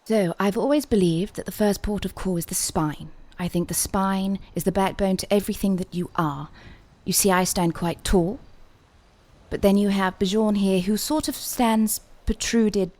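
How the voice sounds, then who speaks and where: A woman's voice: medium pitch, steady tone, normal speed, a little mellow, no echo. A woman playing a theatrical voice coach in a game role-play, speaking in a poised, lecturing manner. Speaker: voice coach character.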